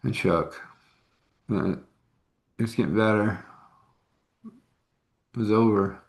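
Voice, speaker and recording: A man telling a personal story out loud in a halting, rambling way, with fillers and restarts. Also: fairly low pitch, creaky. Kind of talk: casual spoken storytelling.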